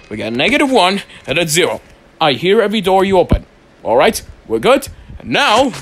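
A man's voice: on the high side, a bit bright. A young man giving let's play commentary on a horror game, panicky and pleading, repeating phrases over and over. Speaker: gamer playing a horror game.

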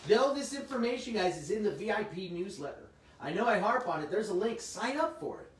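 Chatty slightly hoarse middle-aged man. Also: high voice, very animated, brisk. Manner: chatty, giggly, answers viewer comments. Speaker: host of a comic shop livestream. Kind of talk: casual livestream chat. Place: indoor room. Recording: roomy, distant mic, faint noise.

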